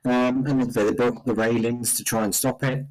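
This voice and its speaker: A man's voice: medium pitch, flat delivery, fairly quick, low-quality recording. A middle-aged man with a London accent, co-hosting a podcast in casual chat and rambling with lots of fillers. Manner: rambling, heavy on "you know" fillers. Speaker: podcast co-host.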